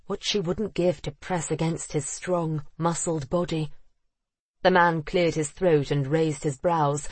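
Husky-voiced audiobook narrator. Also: medium pitch, no room sound. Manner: expressive, acting out the characters. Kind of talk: scripted narration of a period romance novel.

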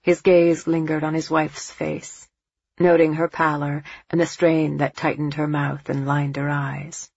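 A woman narrating an audiobook in a measured, dramatic way. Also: low-pitched, level tone, vocal fry, darkish tone, slightly rough, no echo, highs cut off.

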